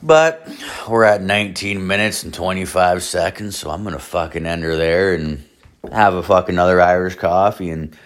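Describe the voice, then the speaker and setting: Male podcast host with a low voice, telling a rambling, profane story in casual chat. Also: normal speed. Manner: rambling, heavy swearing, lots of fillers.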